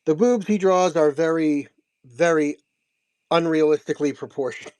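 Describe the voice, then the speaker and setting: On the high side and a little mellow, this man's clear, resonant voice moves at a moderate pace in a dry recording. He casually shows off signed comics and prints in a show-and-tell recap, chatting, laughing, and often repeating himself as he tells the story.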